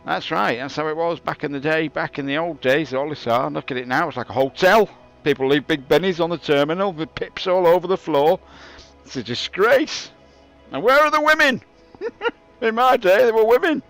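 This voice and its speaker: Brief: cranky old-timer, put on by a man, high and loud, ranting about the good old days. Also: expressive, normal speed, faint music behind, low-quality recording. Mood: grumbling rant. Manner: ranting, indignant, exaggerated. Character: grumbling old man, nostalgic, scornful of youth.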